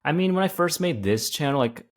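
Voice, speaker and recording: A man's voice: a little high, animated, brisk. A young man co-hosting a casual podcast, rambling and filling nearly every phrase with "like". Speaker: podcast co-host, YouTuber.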